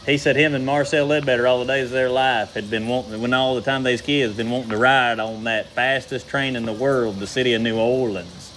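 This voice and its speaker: A man's voice: medium pitch, a bit bright, a little hiss or hum, rough recording. A man preaching a sermon in a folksy, conversational way, asking the congregation questions. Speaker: pastor.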